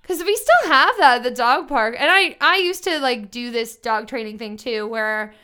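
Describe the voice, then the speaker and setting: A woman co-hosting a podcast in casual chat, chatty and animated, acting out what other people say. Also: on the high side, moderate pace, clear, resonant tone. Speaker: podcast co-host.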